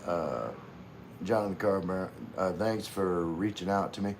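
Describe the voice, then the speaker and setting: Man, lower pitch, livestream host, halting and filler-heavy, relaxed viewer chat. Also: a little hiss or hum. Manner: halting, full of fillers and restarts. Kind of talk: casual live chat with viewers.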